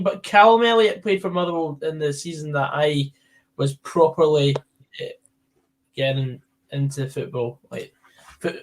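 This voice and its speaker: A man co-hosting a casual football chat, relaxed and amused. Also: on the high side.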